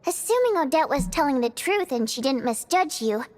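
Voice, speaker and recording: A woman's voice: sits high, big pitch swings, normal speed. A woman voicing a playful, proud young female stage star in a video game, teasing and chatty. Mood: warm. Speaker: stage performer character.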